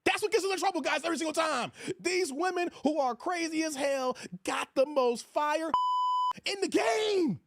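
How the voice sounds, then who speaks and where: Loud, animated livestream host, high-voiced man. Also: moderate pace, dry recording, clean studio sound. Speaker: host of a livestream commentary show. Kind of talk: casual commentary reading live chat.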